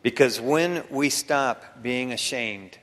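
A man preaching a sermon in a casual, slangy way, swinging from loud emphasis down to near-whispers. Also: medium pitch, takes it slowly. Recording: long reverb of a large hall.

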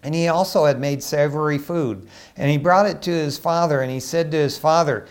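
A man preaching a sermon in an animated, emphatic way, swinging between loud bursts and hushed asides. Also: a little high, moderate pace.

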